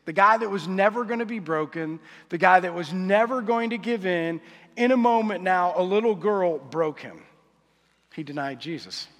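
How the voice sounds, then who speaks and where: A man's voice: sits high, moderate pace, fairly bright tone. A male pastor preaching a sermon in a church hall, conversational and confessional, often asking his listeners questions. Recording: reverberant hall.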